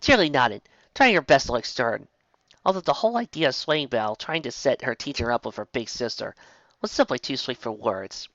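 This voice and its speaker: A woman reading a fan story aloud in an expressive storytelling voice. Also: very deep voice, brisk, no room sound, muffled recording. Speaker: reader.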